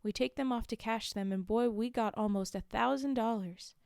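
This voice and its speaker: A woman reads a story aloud on a live stream, her voice fairly high, smooth and clear. She is close to the mic in a dry space. She pauses now and then for chatty, amused remarks. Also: a little mellow, dry recording. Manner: reads the text plainly and breaks off for chatty, amused asides. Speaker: streamer reading a book aloud. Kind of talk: casual live-stream book reading with asides.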